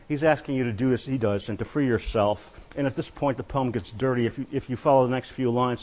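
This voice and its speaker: A man giving a classroom lecture on poetry, speaking haltingly with many fillers and restarts. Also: mid-range voice, highs cut off. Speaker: literature lecturer.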